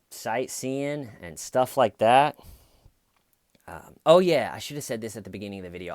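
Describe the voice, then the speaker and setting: A man's voice: lowish voice, dry recording, studio quality. A man, a stand-up comedian, telling a casual story to camera in a rambling way, full of fillers.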